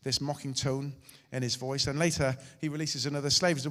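A male pastor preaching a sermon, swinging between loud and hushed delivery. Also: medium pitch, fairly even intonation, brisk, hardly any pauses. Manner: dramatic, shifting loud and soft. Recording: hall reverb.

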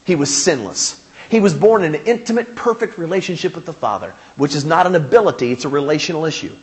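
A male pastor preaching a sermon, animated and emphatic, with humor and rhetorical questions. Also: fairly high pitch, quick pace.

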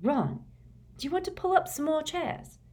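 A woman voicing an anxious, bossy teenage girl in a storybook reading, brisk and reassuring. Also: high-pitched, sing-song, a little mellow, voice pushed up. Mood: pleased.

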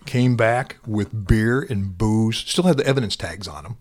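A man in law enforcement telling a painful personal story in an interview, halting and repeating himself. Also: fairly low pitch. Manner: halting, repeats words, quiet and heavy then louder when animated.

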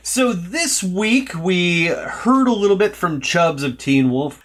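A man's voice: a little high, fairly bright tone. A man co-hosting a casual comedy podcast, recapping in a dry, matter-of-fact way. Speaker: podcast co-host.

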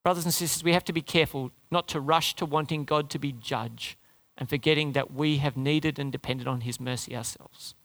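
A man preaching a sermon to his congregation, animated, his voice climbing high for emphasis and dropping low and soft for prayer. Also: fairly quick. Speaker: pastor.

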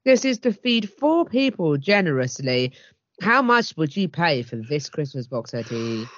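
A woman co-hosting a podcast, chatting in a wry, lively way. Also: deep voice, unhurried, no room sound. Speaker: podcast co-host. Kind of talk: casual chat. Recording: dull lo-fi dry recording.

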